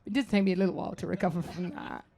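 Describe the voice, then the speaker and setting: A British woman speaking as a guest on a live stage, telling self-mocking stories in a lively way and laughing often. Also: fairly low pitch, very fast, creaky. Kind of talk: lively anecdotal stage talk.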